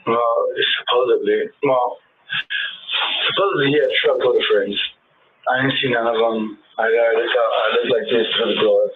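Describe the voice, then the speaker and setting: A man's voice: mid-range voice, fairly even intonation, moderate pace. A rambling man from Northern California tells his side in a police interview, swearing freely and acting out old arguments. The tape is thin and phone-like. A faint hiss runs underneath. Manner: rambling, profane, re-enacts arguments. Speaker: interview subject.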